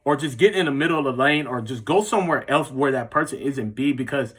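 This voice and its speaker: A man's voice: medium pitch, fairly quick, fairly bright tone, slightly rough. A young man, telling a personal story in a rambling, casual way full of filler words. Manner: rambling, heavy use of "like" and "bro". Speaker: vlogger.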